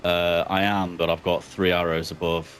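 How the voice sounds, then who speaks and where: A man's voice: low voice, little pitch movement, normal speed, a bit bright, a little hiss or hum. A man talking casually over in-game voice chat, easygoing and swearing lightly. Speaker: fellow player.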